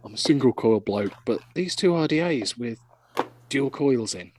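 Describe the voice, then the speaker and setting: Rambling chatty English man, lively voice. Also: moderate pace, no room sound, low-quality recording. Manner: rambling, chatty, lively pitch, laughs often. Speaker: podcast host. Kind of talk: casual chat.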